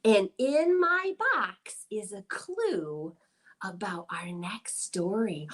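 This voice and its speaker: A young woman leading a toddler storytime, reading picture books and rhymes in a playful sing-song voice with soft hushed asides. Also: a little high, sing-song, slow. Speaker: children's librarian.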